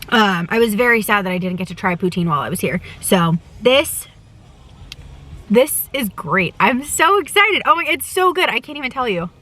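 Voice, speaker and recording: A young woman talks straight to her camera from the seat of a parked car, her voice bright and forward. She gushes freely, chatting between bites and often talking with her mouth full, in a relaxed, loose vlog style. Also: medium pitch. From United States. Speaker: travel vlogger. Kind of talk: casual chat to camera while eating.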